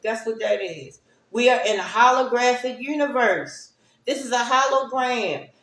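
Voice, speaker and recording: A woman's voice: fairly high pitch, measured pace, a bit bright. A woman giving a casual spiritual monologue to her stream viewers, rambling and often asking "right?" to check in with them. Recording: echoey room.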